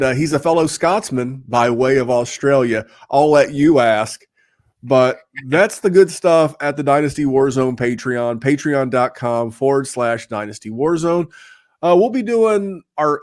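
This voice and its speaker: A man's voice: fairly high pitch, a little mellow, no room sound, clean studio sound. A man hosting a fantasy football podcast in casual chat, rambling with fillers and restarts. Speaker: podcast host.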